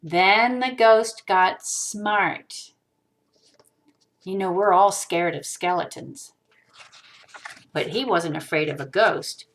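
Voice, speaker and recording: A woman reading a picture book aloud to a child, animated, with sung-out hiccup sounds, on a webcam mic. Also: lowish voice, slow, pauses often. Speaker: storyteller.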